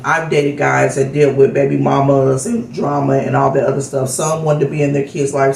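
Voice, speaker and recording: A woman's voice: extremely low pitch, gravelly, a little mellow, recorded from a distance. A woman vlogger telling a heartfelt story in a casual, rambling way with lots of fillers, recorded off-mic in an echoey room. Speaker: vlogger host.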